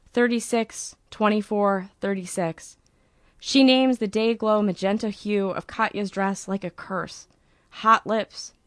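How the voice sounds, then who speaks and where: Woman audiobook narrator, measured and wry, dry sound. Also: medium pitch, no echo.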